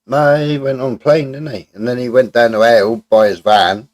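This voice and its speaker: A man's voice: medium pitch, steady tone, moderate pace, darkish tone, no echo. A man hosting a live stream, bantering with viewers in a blunt, sweary, jokey way. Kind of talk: casual banter with chat.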